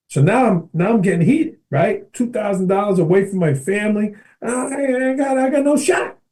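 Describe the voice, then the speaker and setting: A lively middle-aged man with a mellow yet high-pitched voice tells animated stories as a podcast guest; he's an educator and speaker. He talks at a moderate pace with few pauses, energetically checking in with "right?" and addressing the host by name.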